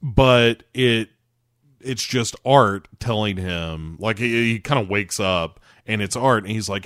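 A man co-hosting a podcast, recapping a TV episode in casual chat with animated storytelling. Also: on the low side, takes it slowly, no echo, studio quality. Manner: animated storytelling, acts out characters' lines. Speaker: podcast co-host.

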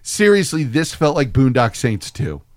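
A man's voice: mid-range voice, moderate pace, no room sound, studio quality. A man co-hosting a casual comedic movie-review podcast, swearing freely and acting out what people said in his stories. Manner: profane, animated storyteller who acts out quotes. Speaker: podcast co-host.

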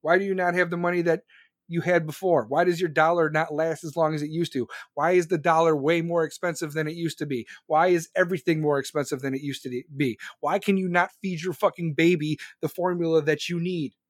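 A man hosting a podcast, ranting angrily about politics with constant swearing and shouted questions. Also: on the high side, fairly even intonation, a little fast, no room sound, clean studio sound. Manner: profane, furious, shouting questions. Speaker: podcast host. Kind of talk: angry political rant.

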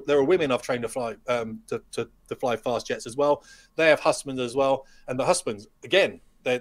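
Middle-aged guy rattling off a story quick, acting out what everyone said, mid pitch. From United Kingdom. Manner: lively anecdotes, acts out quoted dialogue. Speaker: podcast guest, retired fighter pilot. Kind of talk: storytelling in a podcast interview.

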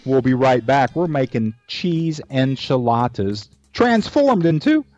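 A man hosts a cooking show in an easygoing, rambling way, dropping jokes and friendly asides as he goes. His mid-pitched voice is heard on a dull, lo-fi recording in a dry space. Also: big pitch swings, takes it slowly, darkish tone, no room sound. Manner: folksy and rambling, tells jokes, says "y'all" and "man". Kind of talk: casual cooking-show chat.

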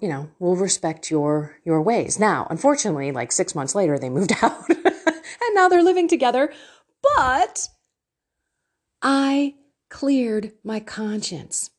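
A woman's voice: mid-range voice, sing-song, a little slow. A middle-aged woman talking candidly and emotionally to an online faith group, with a self-deprecating manner. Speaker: faith and life coach.

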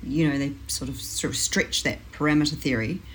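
Woman, 40s, low-pitched, chatty host in casual talk. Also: fairly quick, rough recording. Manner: chatty, animated when mimicking others. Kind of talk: casual conversation.

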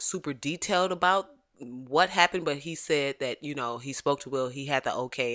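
A woman hosting a podcast, chatting casually about celebrity gossip in an animated, profane, joking way and laughing often. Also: sits low. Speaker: podcast host.

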